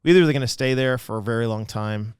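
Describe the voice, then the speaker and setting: A man who is a pastor, speaking as a guest in a casual interview and telling stories in an animated way with frequent restarts. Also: mid-range voice, fast talker, smooth, no room sound, clean studio sound.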